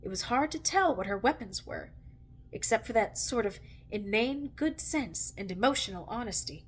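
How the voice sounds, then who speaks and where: A woman reads a novel aloud with measured, expressive narration. Her voice sits slightly higher than most women's. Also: slightly rough. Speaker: reader.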